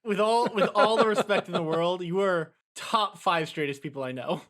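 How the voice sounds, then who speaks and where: A man's voice: high-pitched, normal speed, a bit bright. A young man co-hosting a podcast, chatting casually and dropping dry, joking remarks. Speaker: podcast co-host. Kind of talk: casual chat.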